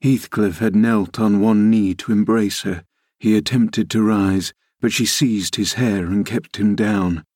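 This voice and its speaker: A man narrating a classic novel as a podcast audiobook reader in a measured, even manner. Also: fairly low pitch, no echo, clean studio sound. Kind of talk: scripted narration.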